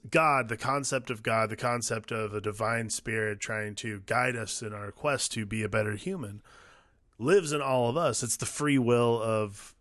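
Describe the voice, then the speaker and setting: A man talks through a film in a calm, thoughtful way, building his points step by step. His voice sits at a middle pitch. The sound is dry and close to the mic. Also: dry recording. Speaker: podcast co-host. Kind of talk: casual movie discussion.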